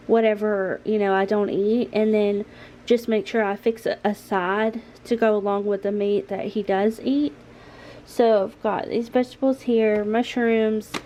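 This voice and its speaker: A woman chatting casually to her viewers from inside her home, relaxed, with ums and light laughs. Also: on the high side, slight background noise. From North Carolina, US. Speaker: homemaking vlogger.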